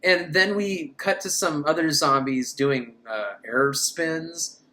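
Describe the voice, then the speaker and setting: A woman's voice: low voice, takes it slowly, bright, forceful tone. A woman recapping a bad film with sarcastic, incredulous commentary. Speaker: film reviewer. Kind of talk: comedic movie recap.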